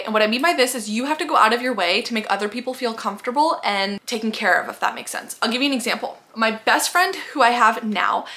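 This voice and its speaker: A woman's voice: a little high, bright, forceful tone. A young woman in her twenties giving friendly advice in a chatty, upbeat vlog, often saying "like". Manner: chatty and upbeat, many "like" fillers. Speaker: vlogger.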